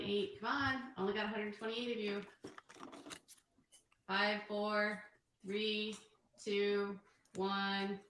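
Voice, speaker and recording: A woman's voice: mid-range voice, fairly bright tone. A woman chatting casually on a livestream, reading out poll results and counting down. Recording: roomy livestream audio with faint noise.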